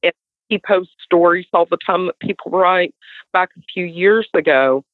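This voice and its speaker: A middle-aged woman with a West Virginian accent, telling a story as an animated guest. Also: on the low side, moderate pace, no echo. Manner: animated storyteller, acts out others' voices. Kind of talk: casual storytelling. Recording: tinny dry phone line.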